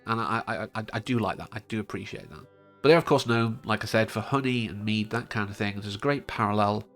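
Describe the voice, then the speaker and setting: Male film reviewer, lowish voice, chatty and digressive, faint music underneath. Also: fairly bright tone. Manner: chatty, digressive, frequent fillers. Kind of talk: casual spoken film review. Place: home studio in front of a green screen.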